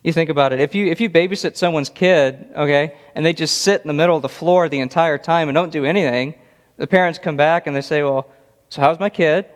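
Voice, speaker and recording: A man's voice: fairly high pitch, quick pace. A man preaching an expository sermon, earnest and emphatic, often repeating words for stress. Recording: long reverb of a large hall.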